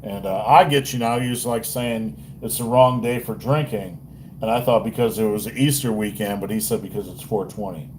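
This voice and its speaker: A man's voice: fairly low pitch, moderate pace, a little mellow, slight background noise. Rambling, profane male livestream host. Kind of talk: casual livestream chat.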